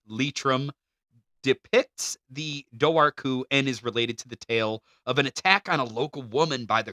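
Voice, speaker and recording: A man's voice: mid-range voice, sharp tone, no echo, clean studio sound. A man co-hosting a casual podcast, reading notes aloud, laughing often and tripping over unfamiliar names. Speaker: podcast co-host.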